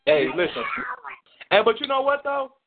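A man's voice: very high-pitched, sing-song, moderate pace, loud music behind the voice. A man co-hosting a casual podcast, making his points emphatically and repeating "listen" and "look". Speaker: podcast co-host. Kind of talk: casual banter. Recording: tinny phone-like sound with faint hiss.

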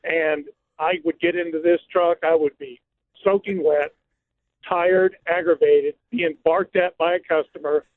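A man's voice: a little high, fairly even intonation, a little slow, slight background noise. Male radio caller, earnest and thankful, thin phone-line sound. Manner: earnest, grateful. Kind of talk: radio call-in.

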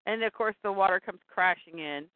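A woman retelling a comic story in casual chat, animated and laughing. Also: medium pitch, a little fast, no echo. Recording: tinny phone-like dry sound.

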